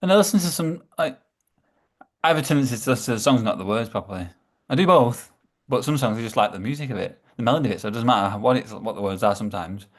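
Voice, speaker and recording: A man chatting casually as a podcast guest, stumbling over his words and repeating himself as he goes. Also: mid-range voice. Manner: halting, repeats words, trails off.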